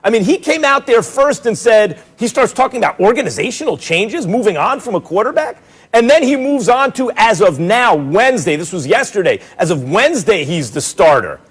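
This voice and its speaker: An animated man in a studio sports debate, sarcastic and mimicking others as he argues. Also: high-pitched, normal speed, slightly rough.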